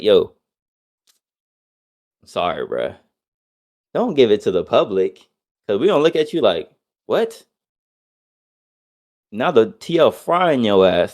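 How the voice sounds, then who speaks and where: A man co-hosting a casual podcast, ranting heatedly with lots of profanity and mocking quotes. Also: medium pitch. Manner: heated, profane, swings between loud outbursts and mock quotes. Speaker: podcast co-host.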